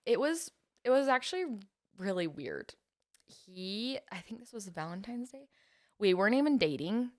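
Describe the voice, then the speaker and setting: A woman's voice: medium pitch, big pitch swings, normal speed, a little mellow. A young woman telling stories about her life in casual chat, acting out quotes and often laughing. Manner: chatty storytelling, acts out quotes, laughs often. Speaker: podcast guest.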